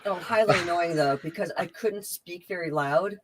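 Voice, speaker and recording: Female regular, lowish voice, cheerful, faint background noise. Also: moderate pace. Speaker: regular panelist. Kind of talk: casual chat.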